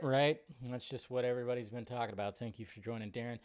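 A man's voice: mid-range voice, fairly even intonation, brisk, clean tone. A man hosting a live film news stream, chatting loosely with viewers and rambling between greetings.

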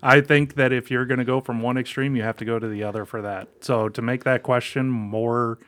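A man's voice: medium pitch, steady tone, a bit bright. A man co-hosting a podcast in casual chat, rambling with restarts. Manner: rambling, halting restarts, laughs often. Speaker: podcast co-host.

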